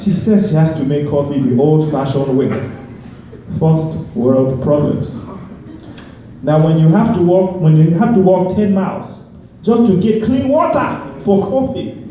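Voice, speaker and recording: A man doing stand-up in a put-on Nigerian accent, delivering slow, deliberate punchlines with repeated refrains. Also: fairly high pitch, dark tone, lightly acted. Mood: deadpan. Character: man with a thick Nigerian accent, deadpan storyteller. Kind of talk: stand-up comedy. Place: live comedy venue. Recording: echoey stage mic from far off with crowd noise.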